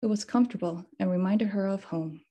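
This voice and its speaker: A woman author reading her picture book aloud at a bookshop storytime, expressive and unhurried. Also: medium pitch, breathy edge. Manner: slow, expressive storytime reading with sound words. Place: bookshop event space.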